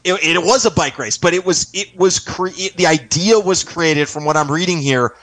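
A man's voice: on the high side, moderate pace, fairly bright tone, poor audio. A man co-hosting a sports talk show over the line, chatting in an easygoing way with hesitant fillers. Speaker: co-host on the phone line. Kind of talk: casual sports radio chat.

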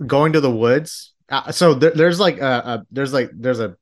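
A man's voice: medium pitch, moderate pace. Man, podcast host, loose rambling delivery, lots of restarts. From Texas. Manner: rambling, many restarts and fillers. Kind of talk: casual interview chat.

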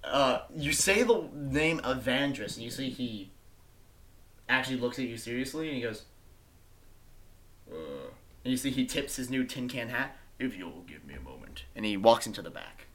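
A man's voice: mid-range voice, moderate pace, fairly bright tone. Male game master, casual narration with fillers and the odd curse. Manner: casual, swearing, filler-heavy.

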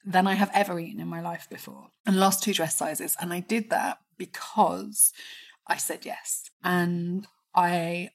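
Husky, low-voiced woman guest. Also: fairly even intonation, unhurried. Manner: reflective, storytelling. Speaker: podcast guest. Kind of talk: casual conversation.

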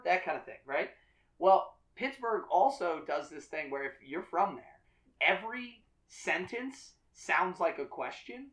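A man's voice: high-pitched, lively intonation, measured pace, fairly bright tone, low-quality recording. A man hosting a casual drinking podcast, rambling, repeating his words and laughing often. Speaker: podcast host. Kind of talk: casual chat.

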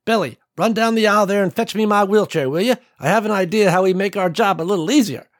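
A man voicing a brisk, motherly woman who directs the children with firm, affectionate orders. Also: sits high, voice pushed up, lightly acted.

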